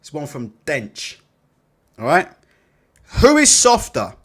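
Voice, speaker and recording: A man hosting a casual boxing livestream in an animated, bantering way, swearing freely. His pitch sits a bit high for a man and swings widely from line to line. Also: slow, slightly rough. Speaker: boxing channel host.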